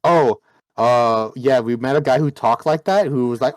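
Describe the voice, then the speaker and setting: A man's voice: medium pitch, animated, fairly quick, no room sound. A man who plays in the game, giving a casual, rambling recap of the last session with lots of restarts. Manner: rambling, full of likes and restarts. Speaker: player.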